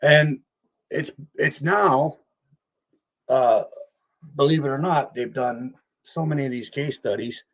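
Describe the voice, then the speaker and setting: An older man with a husky, slightly breathy voice tells stories in a loose, rambling way. He laughs easily and acts out the voices of people in his story. His pitch sits in an ordinary middle range. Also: slow pace, pauses often. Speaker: guest paranormal investigator. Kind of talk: casual storytelling interview.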